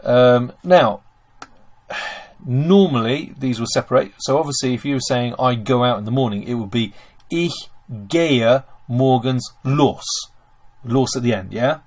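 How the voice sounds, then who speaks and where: A man explains German sentence structure step by step, at a middle pitch, as in a screen-recorded lesson. He talks to his viewers as ladies and gentlemen, and keyboard typing is heard behind him. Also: unhurried. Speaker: German teacher.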